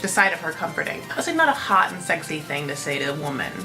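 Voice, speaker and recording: A woman's voice: low voice, big pitch swings, fast talker, music in the background, rough recording. A woman hosting a casual reality-TV recap, chatty and profane, packed with "like". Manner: chatty, profane, constant filler "like". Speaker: host.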